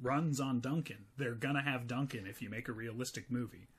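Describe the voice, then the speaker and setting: A man's voice: mid-range voice, brisk, background noise. A man co-hosting a podcast in casual chat, sarcastic and laughing often. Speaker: podcast co-host.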